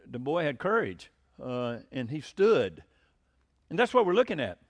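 A man's voice: fairly high pitch, sing-song, a little slow, highs cut off. A man preaching a sermon in a conversational way, with frequent fillers, rising to emphatic bursts when quoting scripture. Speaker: pastor.

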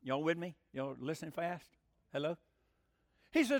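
A man's voice: high-pitched, very animated, a little fast, gravelly, no echo, studio quality. A middle-aged man, a pastor teaching a Bible lesson in an emphatic sermon style and asking the congregation questions.

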